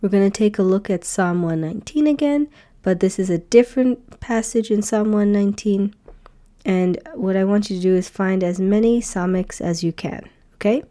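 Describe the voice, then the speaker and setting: Woman, teacher, beginner lesson, patient, repeats sounds, mellow tone. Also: mid-range voice, moderate pace. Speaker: Hebrew teacher.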